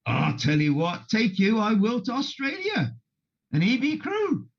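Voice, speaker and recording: A man's voice: high-pitched, huge pitch swings, measured pace, vocal fry, lo-fi sound, exaggerated voice. A man playing Richard, an 1850s Cornish sea captain, in a Cornish accent, rousing and persuasive.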